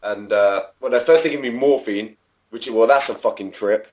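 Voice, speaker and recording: Chatty guy in his thirties, lowish voice, swears a lot and tells long stories. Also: moderate pace, low-quality recording. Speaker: podcast guest, former backyard wrestler. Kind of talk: casual storytelling interview.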